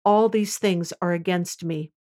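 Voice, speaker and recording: A woman reading the lines of a grieving old father in a scripture reading, in a solemn, measured way. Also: on the low side, steady tone, darkish tone, close to an everyday voice. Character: grieving old male patriarch, fearful for his son.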